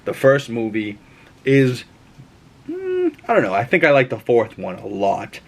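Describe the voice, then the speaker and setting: A young man giving a casual movie review, rambling and excitable, with plenty of cursing. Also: mid-range voice, unhurried, vocal fry.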